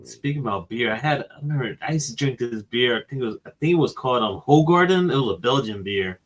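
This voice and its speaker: A man's voice: mid-range voice, expressive, fast. Easygoing man from Philadelphia. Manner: easygoing, laughs often. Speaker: show host. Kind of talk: casual chat on a livestream.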